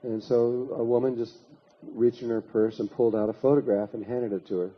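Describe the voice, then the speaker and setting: Husky-voiced man telling a rambling story. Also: medium pitch, steady tone, a little fast, dull audio. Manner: rambling anecdotal delivery with many restarts and repetitions. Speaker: spiritual lecturer. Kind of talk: storytelling lecture to an audience.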